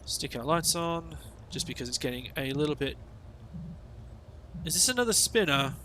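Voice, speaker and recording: Bright-voiced Australian man streaming a game. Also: a little high, lively intonation, normal speed, slight background noise. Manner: rambling, sweary, sarcastic asides. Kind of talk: casual gameplay commentary.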